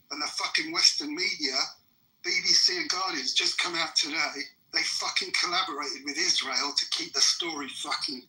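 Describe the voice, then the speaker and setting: A man's voice: fairly high pitch, sharp tone, rough recording. A man, ranting in fury and swearing hard during a heated live debate. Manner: furious, profane ranting. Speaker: debate participant.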